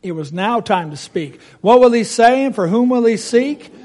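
High-voiced man reciting a rhymed Bible story. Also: normal speed. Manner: expressive, asks listeners questions.

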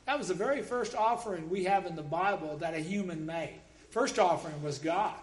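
A man's voice: high-pitched, a little fast. A man preaching a sermon, emphatic, quoting scripture and dropping wry jokes.

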